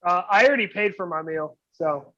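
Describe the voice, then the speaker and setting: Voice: mid-range voice, fairly quick, sharp tone. A player in a tabletop game, teasing the others with wisecracks. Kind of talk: casual tabletop banter. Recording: dull lo-fi sound.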